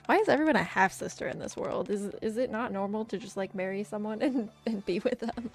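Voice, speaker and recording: A woman's voice: mid-range voice, brisk, few pauses, faint music behind. A woman streaming a game, breaking from the story to make sarcastic, profane comments at home. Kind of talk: casual gameplay commentary.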